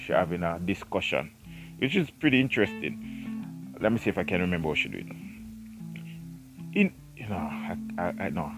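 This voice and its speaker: A man's voice: sits low, poor audio. A man hosting a casual solo podcast, reading a book aloud and breaking off into self-mocking, rambling asides. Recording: clear music playing behind the voice.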